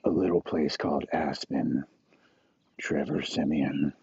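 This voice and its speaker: A man voicing a scheming older male team boss who speaks in a low, gruff, secretive way. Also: fairly even intonation, a little slow, a little mellow, heavily acted. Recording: dull lo-fi recording.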